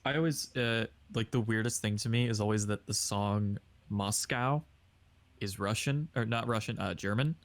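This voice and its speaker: A man's voice: fairly low pitch, moderate pace, no echo. A young man on a casual podcast call, telling stories and pushing the group to the next question. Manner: animated storyteller, pushes the talk along.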